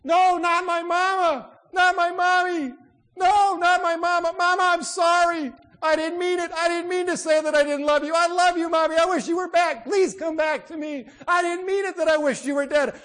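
A man's voice: very high-pitched, fairly even intonation, normal speed, fairly bright tone, pitched above the performer's own voice. A male preacher voicing a fourteen-year-old girl wailing and pleading for her dead mother. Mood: grief-stricken.

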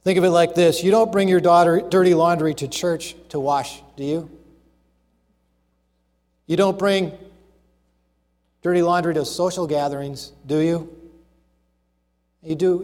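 A man delivering a sermon with a fairly high pitch for a man, emphatic and orderly as he works through numbered points. He slows down to stress his key phrases. His voice carries a long reverb, as if he is in a large hall. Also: fairly even intonation, darkish tone. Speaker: preacher.

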